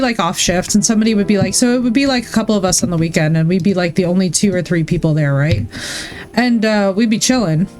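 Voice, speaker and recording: A woman with a lowish, slightly mellow voice streams from her home setup, chatting casually into a desk mic as she games. She wanders through stories and swears freely over faint music.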